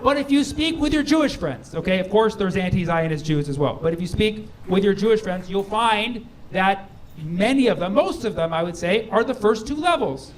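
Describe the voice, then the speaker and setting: A man's voice: sits high, lively intonation, a little hiss or hum. A man doing stand-up in a comedy club, playful and ironic, slipping into quoted voices. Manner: playful, ironic, quick asides and acted quotes. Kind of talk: stand-up routine. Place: comedy club stage with a live audience. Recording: live club recording with crowd laughter.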